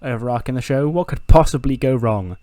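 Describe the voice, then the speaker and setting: A man's voice: mid-range voice, brisk, dark tone, dry recording. A man casually narrating a game playthrough as its host, putting on playful voices for characters and swearing now and then. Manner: acts out quoted lines in playful put-on voices, laughs often, swears. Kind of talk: casual let's-play narration.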